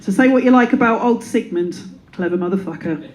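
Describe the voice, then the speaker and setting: A woman's voice: mid-range voice, brisk, very noisy. A woman in her thirties performing a stand-up comedy set, playful and self-deprecating, slipping into silly voices. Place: comedy club before a live audience. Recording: live room with audience laughter.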